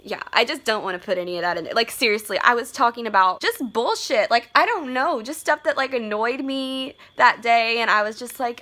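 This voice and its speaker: A woman's voice: on the high side, lively intonation, a little fast, few pauses, pushed and bright. A young woman, vlogging casually from her room and rambling with lots of "like.". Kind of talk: casual vlog chat.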